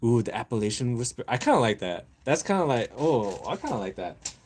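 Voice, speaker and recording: A man hosting a casual livestream, rambling through random topics with viewers, laughing often and brainstorming out loud. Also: mid-range voice, sing-song, brisk, a little hiss or hum. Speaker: livestream host.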